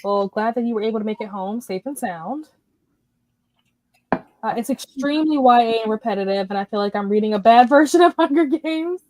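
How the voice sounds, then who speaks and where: A woman's voice: a little high, expressive, a little fast, darkish tone, dry recording. A woman in her thirties hosting a casual livestream, greeting viewers by name as she chats about books. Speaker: livestream host.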